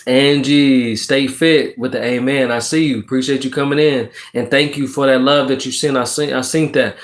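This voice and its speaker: A man reading tarot cards on a casual livestream, talking emphatically and preachily, checking in with his listeners and swearing now and then. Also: mid-range voice. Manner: swears casually while encouraging. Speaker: tarot card reader on a livestream. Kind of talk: casual livestream chat, reading viewer comments.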